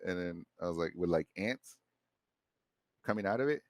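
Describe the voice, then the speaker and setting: Male podcast guest, deep voice, laid-back storyteller who rambles with slang. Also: animated, normal speed, no room sound, studio quality. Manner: loose and rambling, heavy slang and swearing. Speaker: podcast guest, former Marine. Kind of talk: casual storytelling.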